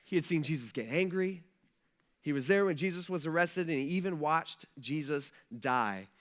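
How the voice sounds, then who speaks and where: A man preaching a relaxed, conversational sermon as pastor, often checking in with the congregation. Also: on the high side, normal speed. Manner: casual, folksy, asks the room "right?" often.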